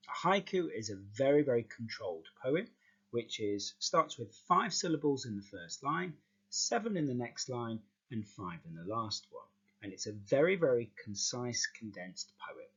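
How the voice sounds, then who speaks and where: Lively stop-start teacher, husky voice. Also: male voice, mid-range voice, highs cut off. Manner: lively, stop-start explaining with repeated words. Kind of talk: classroom lesson explanation.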